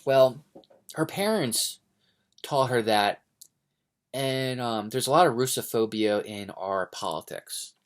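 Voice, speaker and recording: A man's voice: mid-range voice, takes it slowly. Rambling, hesitant American man. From United States. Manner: hesitant, many fillers and restarts; digressive, opinionated. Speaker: book vlogger. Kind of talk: casual rambling monologue.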